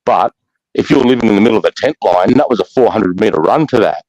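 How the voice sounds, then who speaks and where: Aussie bloke, middle-aged, deep voice, swears a lot, ums and trails off, dry close sound. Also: male voice, animated, fast, a little mellow, no room sound, poor audio. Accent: Australian. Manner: rough-spoken, swears freely, trails off with fillers. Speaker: army veteran guest. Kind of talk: casual war storytelling on a live chat.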